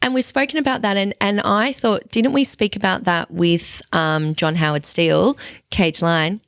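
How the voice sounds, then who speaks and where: A woman's voice: medium pitch, steady tone, moderate pace, no room sound, clean studio sound. A woman co-hosting a podcast in casual chat, with a chatty, laughing manner and some casual swearing. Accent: Australian. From Australia. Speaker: podcast co-host.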